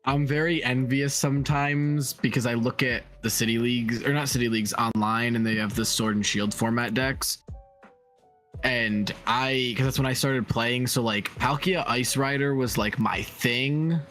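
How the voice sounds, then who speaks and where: A man's voice: mid-range voice, steady tone, moderate pace, fairly bright tone. Talkative male co-host who tells long rambling stories, casual stream chat over faint music. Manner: chatty, lots of "like", rambling stories.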